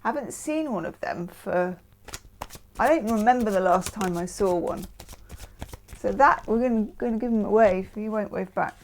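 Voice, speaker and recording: A woman's voice: mid-range voice, moderate pace, a little hiss or hum. A woman from the UK hosting a casual tarot reading, chatting with self-mocking asides. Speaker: tarot reader.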